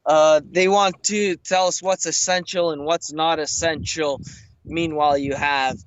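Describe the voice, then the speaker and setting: A man's voice: on the high side, steady tone, a little slow, dry recording, low-quality recording. A man talking on a call from a small boat at night, ranting emphatically and repeating his words, asking "okay?" and "right?" as he goes. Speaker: guest on a live call-in show. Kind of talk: ranting casual chat.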